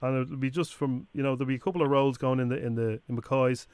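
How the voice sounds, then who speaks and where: An Irish man on a radio show, chatting fast and playing a fussy casting agent in a prank call. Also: mid-range voice, fairly even intonation, a little mellow, clean tone, dry recording.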